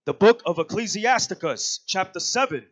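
Very high-voiced man reading scripture. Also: expressive, normal speed, a bit bright. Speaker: scripture reader.

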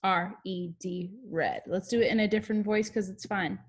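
A woman's voice: mid-range voice, fairly even intonation, normal speed, breathy edge. A young woman teaching a video class to young children, cheerful and encouraging, singing along and spelling words.

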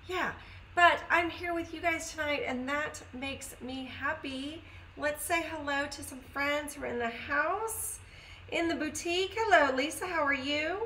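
A woman's voice: high-pitched, unhurried, bright, forceful tone, recorded from a distance, slight background noise, low-quality recording. A woman hosting a casual live-stream craft sale from home, chatty and upbeat, greeting viewers by name. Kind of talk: casual live sales chat.

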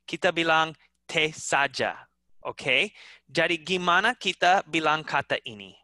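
Man, teacher, very slow, bright voice, dry close sound, patient repetition. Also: fairly high pitch, lively intonation, no room sound. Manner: slow, patient, repeats words, mixes in Indonesian. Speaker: English teacher. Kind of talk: online class teaching.

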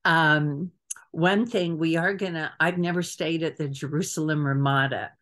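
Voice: mid-range voice, steady tone, moderate pace, fairly bright tone. A trip organizer on a video call giving a casual meeting briefing, chatty and hesitant with frequent fillers.

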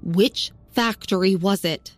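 A composed teenage girl speaks calmly and seriously, as a woman acts her out. Her politeness stays tight and controlled. Faint music plays under her. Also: mid-range voice, takes it slowly, no room sound, close to an everyday voice. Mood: cold. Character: cold composed teenage girl, quietly furious.

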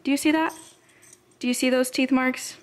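A woman's voice: high voice, steady tone, moderate pace, roomy sound. A woman vlogging at home in a casual chatty way, cooing at her puppy and giving it training commands. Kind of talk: casual vlog chat. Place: home kitchen.

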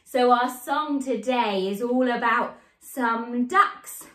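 A woman leading a children's sign language lesson, in an animated, sing-song, encouraging way. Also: sits high, echoey room. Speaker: baby sign language teacher.

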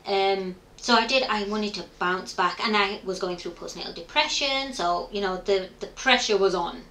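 A middle-aged woman with a medium-pitched, sharp-toned voice speaks at a moderate pace as an interview guest. She tells her story openly and reflectively, often voicing the thoughts she once had, in a candid conversational interview recorded in an echoey room.

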